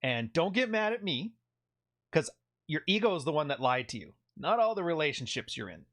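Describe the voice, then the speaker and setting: Man from canada, sarcastic commentary host, lively pitch swings, fairly high voice, jokey. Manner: sarcastic, jokey, quick to laugh.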